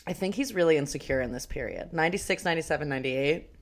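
A woman co-hosting a podcast, chatting casually about a film, animated, laughing and swearing often. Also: sits low, racing. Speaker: podcast co-host.

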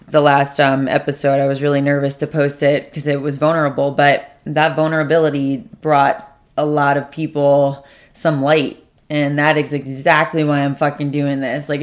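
Low-voiced young woman chatting casually. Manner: rambling, swears often, self-correcting. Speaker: podcast host. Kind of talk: casual solo podcast chat. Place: sitting at a table at home.

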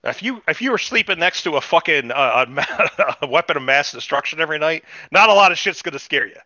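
A man's voice: on the high side, animated, fast talker, pushed and bright, no echo, muffled recording. A man hosting a podcast, recapping in casual, rambling chat full of swearing. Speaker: podcast host.

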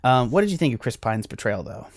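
Recorded dry with studio quality, a mid-range, sing-song man's voice rattles along fast. He's an American film review podcast co-host who chats loosely and keeps starting over.

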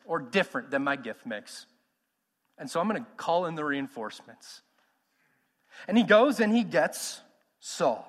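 Man, 30s, pastor, emphatic conversational sermon, high voice, long hall reverb. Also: big pitch swings, moderate pace, fairly bright tone. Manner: emphatic, conversational, asks the crowd questions.

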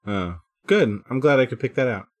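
A man's voice: medium pitch, expressive, normal speed. A man playing a tabletop game, describing actions hesitantly with many fillers. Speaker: player. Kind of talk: casual tabletop play.

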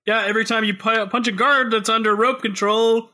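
A man's voice: high-pitched, steady tone, brisk, bright, forceful tone. A man co-hosting a casual game review podcast, joking and laughing often, talking into a headset mic. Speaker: podcast co-host.

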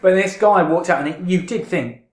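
Male comedian, relaxed anecdote, higher voice, echoey room. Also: brisk, crowd noise. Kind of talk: casual chat.

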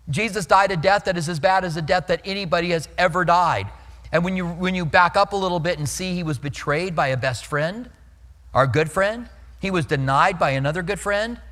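Bright-voiced preacher in a reverberant hall. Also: male voice, high voice. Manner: earnest storytelling, repeats words when starting lines. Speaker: pastor. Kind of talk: sermon. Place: church sanctuary.

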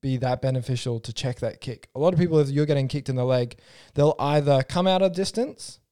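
Mellow-voiced man talking fight sports. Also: medium pitch, a little fast. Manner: thinks aloud with restarts, explains technique. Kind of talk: casual sports chat.

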